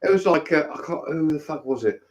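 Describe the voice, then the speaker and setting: A man's voice: fairly high pitch, expressive, brisk, darkish tone. A man in a casual chat over an online call, telling stories in a laid-back way and laughing along.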